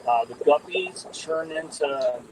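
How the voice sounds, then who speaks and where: Against a noisy background, a fish breeder with a fairly high pitch talks slowly on a live video call, picked up by the camera mic. He wanders among the aquarium tanks of his indoor fish room, chatting casually and rambling through ums and restarts.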